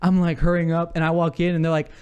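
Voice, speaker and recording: Animated man telling a story, higher voice. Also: fast, clear, resonant tone, highs cut off. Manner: animated, tumbling storyteller with frequent restarts and asides; casual, swears freely. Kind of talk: casual storytelling chat.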